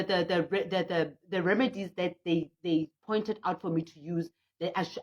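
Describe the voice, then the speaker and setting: A middle-aged woman with a South African accent, a traditional healer hosting a livestreamed prayer session, telling stories in an animated way and reading out viewer comments. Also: mid-range voice. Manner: frequent laughter and restarts. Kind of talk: livestream talk. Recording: muffled lo-fi audio.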